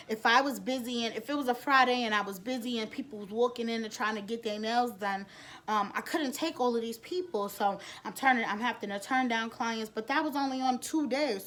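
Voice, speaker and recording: A woman in a fairly high voice. She tells her story bluntly, cursing often and restarting her sentences as she goes. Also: a bit bright. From the Bronx, New York. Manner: blunt and frank, with frequent cursing and rambling restarts. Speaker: nail technician. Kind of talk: candid personal storytelling.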